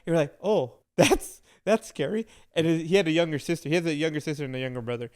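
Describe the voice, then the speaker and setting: Male podcast co-host, a touch higher voice, lively anecdotal chatter. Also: rapid-fire, clean tone. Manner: animated storytelling with laughs. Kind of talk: casual chat.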